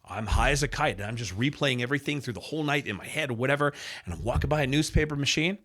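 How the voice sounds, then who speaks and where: A man in his fifties with a middle-pitched, practiced broadcast voice tells a story from his early radio days. He talks with lots of energy and slips into quick impressions of the people in the story. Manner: lively storyteller, acts out other people's lines in quotes. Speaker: radio host and sports announcer, podcast guest. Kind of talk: animated storytelling anecdote.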